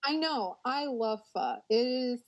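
A woman's voice: on the high side, lively intonation, measured pace. A woman co-hosting a podcast, joking and laughing in casual chat. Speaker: podcast co-host.

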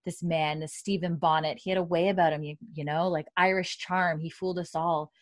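Woman doing an earnest young man, low voice, dry sound, near her own. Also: fairly even intonation, fairly quick, no echo, natural voice. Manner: retelling lines in a plain near-own voice.

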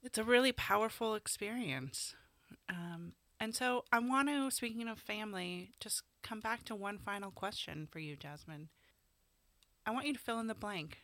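A woman's voice: medium pitch, expressive, normal speed, fairly bright tone, no echo. A woman hosting an interview, encouraging and appreciative toward her guest. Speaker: interview host.

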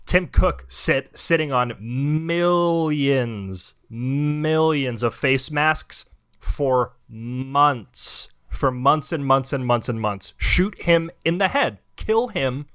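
A man's voice: on the high side, animated, takes it slowly, a bit bright, smooth. A young man hosting a podcast, ranting in heated, profane casual chat. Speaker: podcast host.

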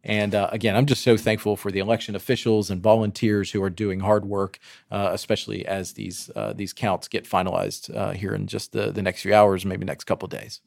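A man's voice: fairly low pitch, little pitch movement, fairly quick, creaky, dry recording. A man co-hosting a casual talk show, easygoing and joking, with many fillers. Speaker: podcast co-host. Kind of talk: casual chat, news roundup.

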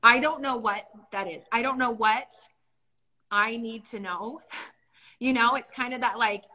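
A woman's voice: on the high side, a little slow, sharp tone. A young adult woman co-hosting a casual faith discussion, earnest and storytelling. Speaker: podcast co-host.

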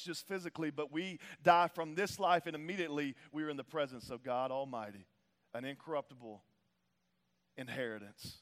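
A man's voice: a little high, fairly quick, a bit bright, in a large hall. A male pastor preaching a sermon in a casual, slangy way, repeating phrases for emphasis.

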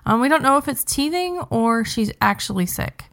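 A woman's voice: a little high, animated, moderate pace, fairly bright tone. A young adult woman hosting a podcast, chatting in an upbeat casual way with frequent ums. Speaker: podcast host.

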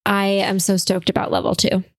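A woman's voice: medium pitch, monotone, moderate pace, creaky, no echo, studio quality. A woman playing on a tabletop game podcast, giggly and playful. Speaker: player. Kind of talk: casual podcast chat.

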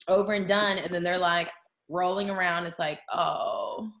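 A woman's voice: lowish voice, level tone, fairly quick, fairly bright tone. A woman guest on a podcast, talking in a rambling, frank, chatty way. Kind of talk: casual chat.

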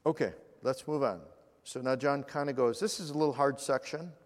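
A man preaching a sermon as pastor, earnest, slowing down for scripture and dropping to a hush in prayer. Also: medium pitch, big-room sound.

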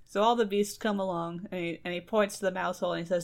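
A woman's voice: lowish voice, fairly even intonation, fast talker, vocal fry. A woman casually retelling a folktale on a podcast, chatty and laughing, briefly acting out the characters' lines.

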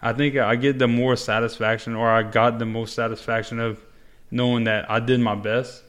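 A man's voice: mid-range voice, little pitch movement, normal speed, fairly bright tone. A man hosting a casual interview, a former paramedic telling stories in a loose, laid-back way with lots of fillers and swearing. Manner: laid-back storyteller, frequent fillers and profanity. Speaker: podcast host, former paramedic.

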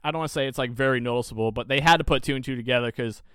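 A young man tells a story on his podcast in a loose, profane, animated ramble. His voice comes through smooth and resonant on a dry, close microphone. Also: mid-range voice, rapid-fire, dry recording. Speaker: podcast co-host. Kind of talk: casual chat, storytelling.

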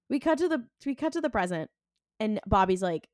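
A woman's voice: medium pitch, sing-song, fast, darkish tone, dry recording, clean studio sound. A young woman co-hosting a podcast, casually recapping a TV episode, acting out the characters' lines and laughing often. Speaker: podcast co-host.

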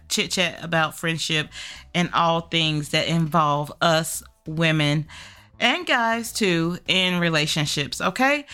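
A woman's voice: lowish voice, sharp tone. A woman hosting her own friendship podcast, chatting casually and rambling with self-corrections, a little nasal from allergies. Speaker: podcast host, friendship coach.

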